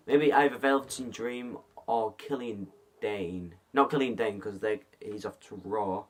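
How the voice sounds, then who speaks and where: A man's voice: on the low side, measured pace. A man hosting a casual vlog, rambling through predictions with restarts and putting on mock fright. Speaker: host. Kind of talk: casual vlog commentary and spoof skit.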